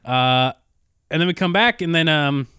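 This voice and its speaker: A man's voice: fairly high pitch, normal speed, sharp tone, clear, resonant tone, no echo, clean studio sound. A young man co-hosting a casual podcast, agreeing a lot and checking plot details as he recaps a cartoon episode. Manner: agreeable, many "yeah"s, checks details, trails off. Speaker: podcast co-host.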